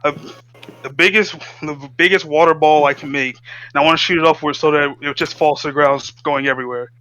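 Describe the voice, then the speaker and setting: A man playing a tabletop role-playing game in casual chat, excitable and swearing freely, slipping into his character's lines. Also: on the high side, fairly quick, low-quality recording. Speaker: player.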